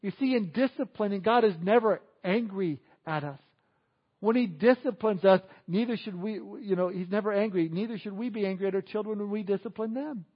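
A man preaching a sermon as a pastor, animated, acting out quoted people in exaggerated voices. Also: high-pitched, a little fast, dull audio.

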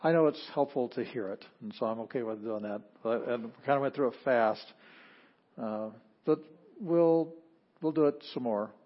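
Husky guy lecturing a class, goes over it step by step, kinda dull lo-fi audio. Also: medium pitch, moderate pace. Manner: explains step by step, restarts phrases. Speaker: Greek teacher.

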